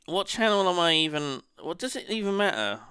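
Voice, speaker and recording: A man's voice: high voice, big pitch swings, a little fast, vocal fry, pushed and bright, smooth, no room sound, clean studio sound. A man chatting casually on a live stream, rambling and muttering to himself as he browses.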